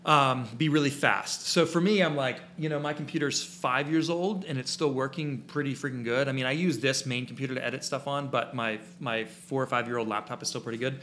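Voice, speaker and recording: A man's voice: mid-range voice, fairly quick, few pauses, fairly bright tone, slight background noise. A man co-hosting a photography podcast in casual, rambling chat, full of fillers and restarts, recorded in his small studio. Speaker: podcast co-host and photography teacher.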